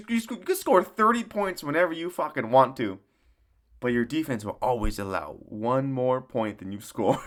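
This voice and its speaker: A man rants through a casual sports season recap, swearing freely and rambling from point to point. His mocking delivery breaks into laughter often. His voice sits at an ordinary middle pitch. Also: pushed and bright. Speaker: sports commentator.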